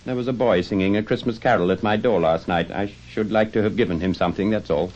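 An old miser, stirred by memories , as a male reader puts him on, speaks in halting, emotional bursts. The voice is fairly low, and the recording sounds dull and lo-fi. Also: darkish tone, lightly acted. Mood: wistful. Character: miserly old man, moved to tears.

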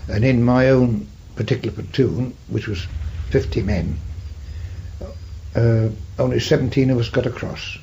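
An older man with a gravelly voice, slowly recalling memories in an interview. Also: medium pitch, mellow, slight background noise. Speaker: war veteran interviewee. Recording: dull lo-fi archive recording.

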